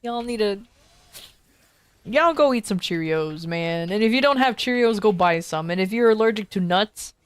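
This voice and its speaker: A woman's voice: medium pitch, expressive, normal speed, smooth, no room sound. A young woman streamer rambling through a story in casual chat, swearing freely and laughing often.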